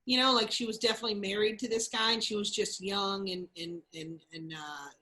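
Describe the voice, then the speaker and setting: Chatty woman with a bright voice. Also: mid-range voice, fairly even intonation, fairly quick. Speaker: comedian guest. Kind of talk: casual storytelling. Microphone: video call.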